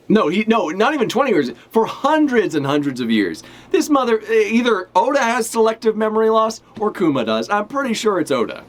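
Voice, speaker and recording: A man giving live reaction commentary as a streamer, ranting and swearing in exasperation. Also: fairly high pitch.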